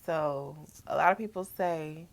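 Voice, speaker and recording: A young woman, talking in a casual, reflective vlog, soft-spoken and relaxed. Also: low-pitched, unhurried, gravelly, a little hiss or hum. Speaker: vlogger. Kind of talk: personal reflective vlog talk.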